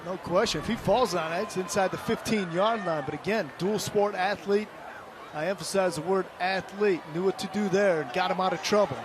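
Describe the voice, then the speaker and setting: A man calling a high school football game play by play, rising to excited calls on big plays. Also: brisk, few pauses, noisy background. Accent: Michigan. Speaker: play-by-play announcer. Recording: broadcast booth over loud stadium crowd.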